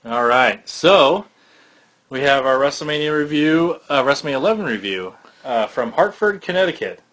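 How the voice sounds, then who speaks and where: A man co-hosting a podcast, chatting casually in a blunt, profane way. Now and then he bursts into loud, excited exclamations. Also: mid-range voice, normal speed, lo-fi sound. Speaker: podcast co-host. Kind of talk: casual chat.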